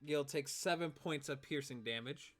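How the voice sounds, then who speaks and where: A man's voice: a little high, moderate pace. A man narrating as game master of a tabletop game, laid-back, chuckling and counting out movement.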